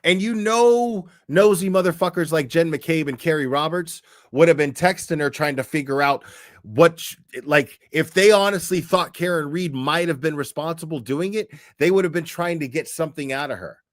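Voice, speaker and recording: A man's voice: fairly high pitch, normal speed. A man ranting in casual commentary on a stream, swearing a lot and acting out the people he talks about. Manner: profane, animated, acts out quoted people.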